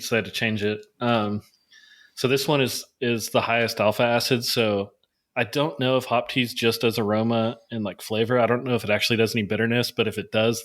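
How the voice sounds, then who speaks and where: A man's voice: mid-range voice, a bit bright. A man co-hosting a beer podcast, explaining hop details in casual, informative chat.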